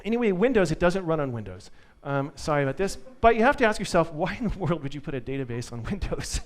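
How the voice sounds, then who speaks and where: Guy presenting at a dev conference, lively and jokey, kinda high voice. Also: fast. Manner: upbeat, joking, lively. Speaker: conference speaker. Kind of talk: live tech talk with audience.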